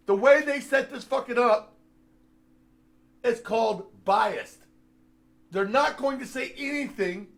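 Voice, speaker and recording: A man's voice: extremely high pitch, slow pace, vocal fry, long pauses. A man on a heated, profane political rant, sarcastic and rambling, with many filler sounds as he talks. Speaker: host.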